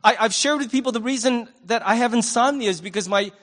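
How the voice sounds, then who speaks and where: A male pastor delivers a sermon in a conversational, animated way. His voice swings between loud and hushed, and it sits high for a man. A long reverb hangs in the large church hall. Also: fast talker.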